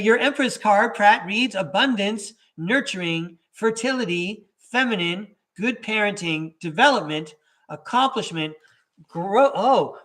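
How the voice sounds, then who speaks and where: A man's voice: sits high, bright, forceful tone. A man hosting a live podcast stream, reading tarot cards in a chatty, laughing way and correcting himself as he goes.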